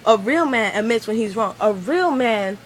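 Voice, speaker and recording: A woman's voice: a little high, lively intonation, moderate pace, a little hiss or hum, low-quality recording. A woman venting in a rambling vlog monologue, filling her talk with "like" as she retells an argument. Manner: rambling, venting, heavy use of "like". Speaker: vlogger.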